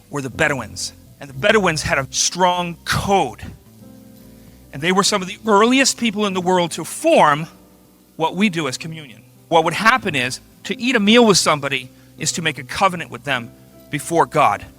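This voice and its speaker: A man preaching a sermon in a church, animated and emphatic, acting out quotes and building to forceful peaks. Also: fairly high pitch.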